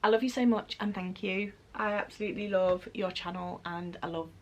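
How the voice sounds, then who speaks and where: A woman, gushing excitedly as she unboxes makeup in a casual vlog. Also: medium pitch, a little fast, noisy background. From United Kingdom. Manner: gushing and excitable, with gasps and exclamations. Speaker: beauty vlogger.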